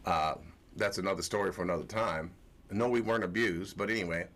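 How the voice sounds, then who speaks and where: A man's voice: deep voice, brisk, fairly bright tone. A man hosting a livestream religious lesson, talking in a colloquial way, telling stories and repeating his phrases. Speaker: host and religious teacher. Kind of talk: livestream scripture teaching.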